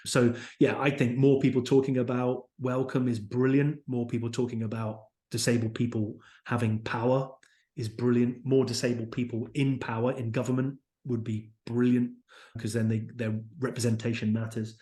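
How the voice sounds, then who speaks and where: A man's voice: mid-range voice, little pitch movement, moderate pace, dark tone. British man in a roomy room. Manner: enthusiastic, storytelling, acts out quotes. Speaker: company founder, podcast guest. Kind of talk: casual interview chat. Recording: roomy echo.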